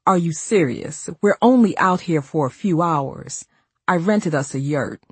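A woman's voice: sits low, measured pace, husky, no room sound, heavily acted. A woman doing a teasing easygoing young man. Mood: amused. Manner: joking, relaxed.

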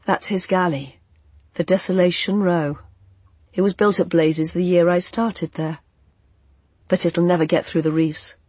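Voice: medium pitch, fairly even intonation, unhurried, long pauses, darkish tone, dry recording, lightly acted. A narrator voicing a shaken young man. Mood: strained. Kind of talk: audiobook character voice.

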